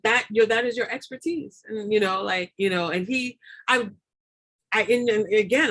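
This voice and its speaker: A woman's voice: fairly low pitch, a bit bright. A woman doula talking as a guest in a casual interview, rambling with many fillers and repeated words, often laughing. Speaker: doula and lactation consultant, guest.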